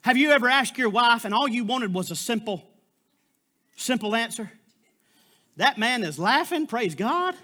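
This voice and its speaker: A man's voice: very high-pitched, animated, a little slow, long pauses, bright, forceful tone. A man preaching a sermon as a guest preacher, fervent and exclamatory, with frequent interjections.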